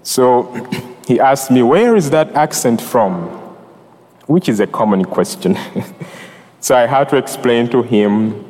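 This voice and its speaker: Slow-spoken Ugandan priest in a reverberant hall. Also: male voice, mid-range voice, animated. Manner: slow, warm-hearted address with soft laughs and measured pauses. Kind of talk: sermon. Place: church.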